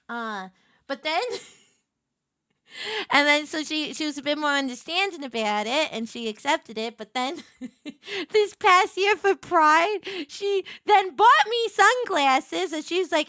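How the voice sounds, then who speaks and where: A woman in her thirties, a streamer, telling a long personal story in casual chat, animated and rambling, laughing often and jumping into excited high voices when she quotes herself. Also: measured pace, no room sound, studio quality.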